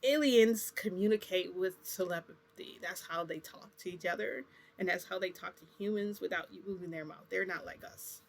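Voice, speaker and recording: A man vlogs a long, rambling story in casual talk, acting out the exchange with lines like "I'm like" and "he goes." His voice sits high and creaky, at a moderate pace.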